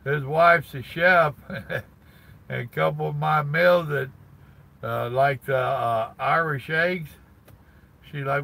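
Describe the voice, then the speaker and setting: A man's voice: medium pitch, fairly even intonation, slow, gravelly, pushed and bright, rough recording. An older man, chatting casually on a live stream from his parked truck cab and greeting viewers by name in a folksy drawl.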